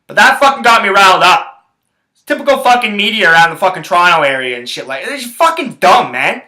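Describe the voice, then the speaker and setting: A man's voice: high voice, sing-song, brisk, bright, forceful tone, reverberant, poor audio. A man hosting his own podcast, ranting about sports in a rambling, profane, heated way. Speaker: podcast host. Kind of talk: casual sports rant.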